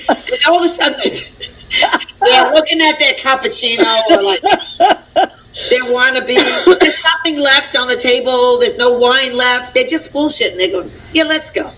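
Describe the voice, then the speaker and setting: A bright-voiced woman musician laughing through her stories. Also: sits high, measured pace, a little hiss or hum, poor audio. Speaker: guest musician. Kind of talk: casual chat.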